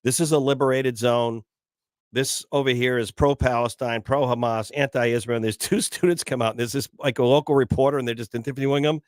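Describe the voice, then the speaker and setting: A man's voice: mid-range voice, a little fast, dry recording, studio quality. Chatty male morning radio host. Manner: chatty, animated storytelling with many restarts. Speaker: radio talk show host. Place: radio studio.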